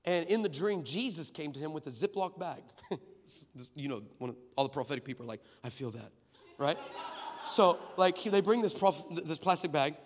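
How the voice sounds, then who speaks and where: A man preaching an energetic sermon, telling a story and building to shouted peaks. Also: fairly high pitch, brisk. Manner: builds to shouted crescendos, acts out voices in stories. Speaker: guest preacher. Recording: long hall reverb.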